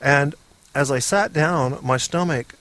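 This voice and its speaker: A man's voice: fairly high pitch, slow pace, fairly bright tone. Rambling, boisterous male podcast host. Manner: rambling, boisterous, self-mocking. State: sick. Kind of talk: casual comedy monologue.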